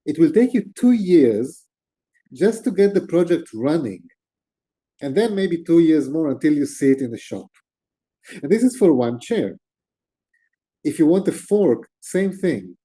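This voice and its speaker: A middle-aged man, an interview guest, telling stories in a relaxed, animated conversational way. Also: on the high side, unhurried, pauses often, breathy edge. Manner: animated, gestures with hands while talking. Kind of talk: storytelling in conversation.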